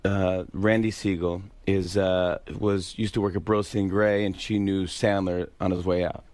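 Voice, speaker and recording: A man who is a comedian guest, telling animated stories in casual interview chat. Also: low voice, normal speed, dry recording. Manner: animated storyteller, slips into loud impressions.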